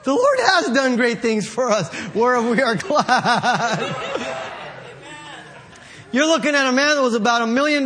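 High-pitched laughing preacher man. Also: a bit bright. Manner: laughing hard between lines, storytelling with mimicked voices. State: laughing to tears. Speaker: pastor. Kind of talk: sermon.

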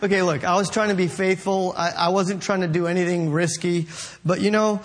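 A man's voice: sits high, flat delivery, a little fast. A man preaching a sermon, telling a story with mimicked voices and laughing so hard he is in tears. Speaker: pastor.

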